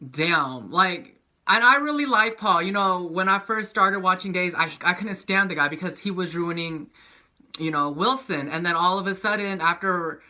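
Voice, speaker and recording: A young man casually recapping a soap opera, animated and profane, acting out the characters' lines. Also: sits high.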